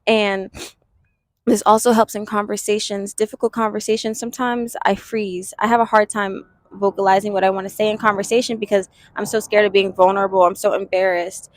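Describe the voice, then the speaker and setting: A woman in her twenties talking earnestly and thoughtfully to camera in a reflective self-help vlog, pausing and restarting as she works through her thoughts. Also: medium pitch, level tone, no room sound. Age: 20s. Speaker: vlogger.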